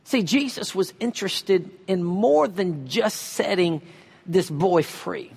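A man preaching a sermon, reading scripture slowly and pressing his points with emphasis. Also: sits high, gravelly, a little mellow, husky, in a large hall. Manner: emphatic preaching, reads scripture slowly, uses a volunteer for a demonstration. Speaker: pastor.

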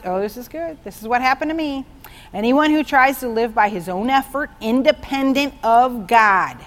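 A woman teaching from the Bible in an informal, excitable way, telling personal stories and often checking in with "okay?". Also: fairly high pitch. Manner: excitable, chatty, keeps asking "okay?"; tells personal stories to make a point.

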